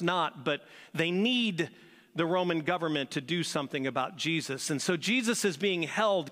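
A male pastor delivers a sermon with energy, driving points home through repetition. His voice sits high and bright, with a forceful edge. The long reverb of a large hall trails after every phrase. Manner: animated, emphatic, repeats lines for stress.

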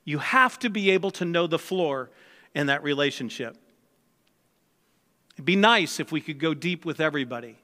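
Bright-voiced pastor preaching in a big hall. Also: male voice, fairly high pitch, lively intonation, moderate pace, long pauses. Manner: conversational, acts out quoted dialogue. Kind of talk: sermon.

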